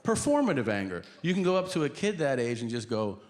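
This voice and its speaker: Profane, animated male stand-up comic. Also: mid-range voice, quick pace. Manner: profane, animated, acts out characters and yelling. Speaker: stand-up comedian. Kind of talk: stand-up comedy storytelling. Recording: live stand-up set with background noise.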